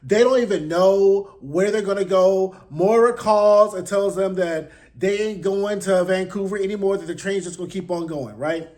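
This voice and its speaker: High-voiced guy recapping a show, sassy and blunt, lots of slang, close mic. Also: moderate pace, few pauses, darkish tone. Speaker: host. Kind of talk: casual TV recap chat.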